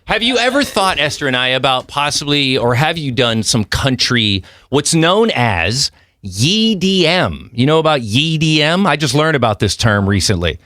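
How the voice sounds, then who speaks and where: A man's voice: medium pitch, lively intonation, brisk, few pauses, sharp tone, dry recording. Guy hosting a podcast, jokey and upbeat, voice bounces around a lot, dry close sound. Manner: playful, eager, joking. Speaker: podcast host. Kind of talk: casual interview chat.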